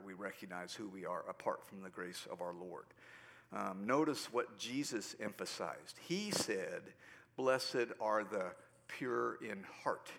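A man delivers a sermon in an earnest, conversational preaching manner. His voice sits at a middle pitch and lifts when he reads scripture aloud. He pauses with an occasional um or uh as he explains. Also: a bit bright. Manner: earnest preaching, rising on scripture quotes, with fillers. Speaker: pastor.

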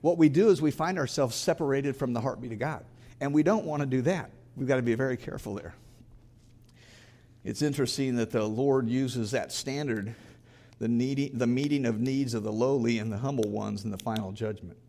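A man's voice: medium pitch, brisk, mellow. Earnest male pastor preaching a sermon. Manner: earnest, reads scripture aloud with emphasis.

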